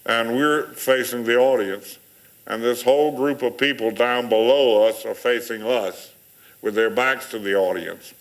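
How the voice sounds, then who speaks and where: An older man telling rambling stories, chuckling and pausing with fillers as a panel guest. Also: mid-range voice, poor audio. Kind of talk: casual storytelling.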